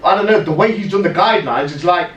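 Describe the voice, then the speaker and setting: A man co-hosting a podcast, telling stories in casual, animated chat full of "right?" asides. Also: high-pitched, fast talker, recorded from a distance, dull audio. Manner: animated storyteller, lots of "right?" and "yeah?" asides. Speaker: podcast co-host. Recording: roomy echo, off-mic, faint noise.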